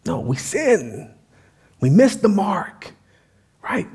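A man's voice: high-pitched, sing-song, slow, gravelly, a little mellow, slightly rough. A man preaching a sermon as pastor, in a casual, conversational style with frequent asides.

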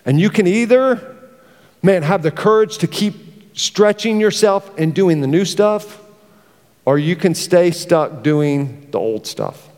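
A middle-aged pastor, preaching a lively sermon and acting out his stories. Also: sits high, measured pace. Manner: animated, storytelling with acted-out exclamations. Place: church hall. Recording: reverberant church hall.

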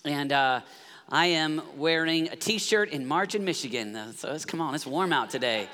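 Energetic man preaching in a reverberant hall. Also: on the high side, normal speed. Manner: energetic, calls for congregation responses. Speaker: guest pastor. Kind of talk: sermon. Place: church hall.

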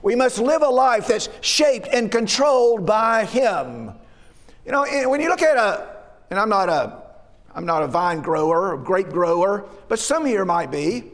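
Guy preaching in church, high voice, lots of "isn't it?" and restarts, echoey hall. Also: big pitch swings, measured pace. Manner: asks rhetorical questions and restarts words. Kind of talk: sermon. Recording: long reverb of a hall.

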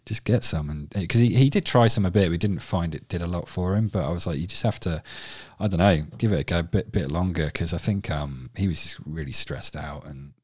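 A man's voice: low-pitched, a little fast, hardly any pauses, a little mellow, breathy edge, dry recording. A man in casual chat, laid-back, often trailing off and swearing casually.

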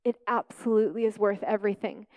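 A woman pastor preaching a personal testimony, telling stories with lively acted-out quotes and easy laughs. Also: medium pitch, fast talker. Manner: animated storytelling, acting out quotes.

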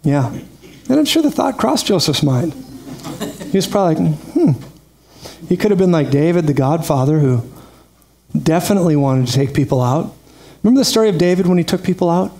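A male preacher delivering a sermon like a friendly chat. His voice sits a touch high, and he keeps breaking into laughing asides as he tells the story. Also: animated, a little fast, creaky, warm tone.

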